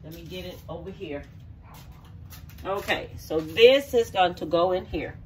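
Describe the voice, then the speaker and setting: A woman's voice: on the low side, measured pace, far from the mic. A middle-aged woman from the country, talking viewers through a recipe in her home kitchen in a homey, folksy way. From rural area. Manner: folksy, talks viewers through each step. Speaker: home cook. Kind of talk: casual cooking demonstration.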